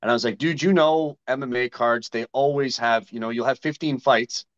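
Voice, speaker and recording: A man's voice: medium pitch, normal speed, lo-fi sound. A man guest in a casual interview, talking bluntly and retelling conversations with others. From Canada. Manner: blunt, storytelling, acts out both sides of conversations. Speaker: guest fighter.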